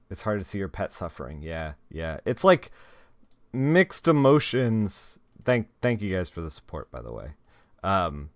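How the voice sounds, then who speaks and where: A man's voice: lowish voice, a bit bright, clear, resonant tone, no room sound, clean studio sound. A young man chatting casually with his viewers on a live stream, rambling and talking straight to them.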